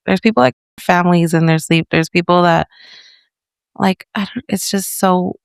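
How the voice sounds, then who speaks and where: A woman chatting on a podcast, animated and laughing, slipping Spanish words into her talk. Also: fairly low pitch, moderate pace, gravelly, clear, resonant tone, no room sound, studio quality. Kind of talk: casual chat.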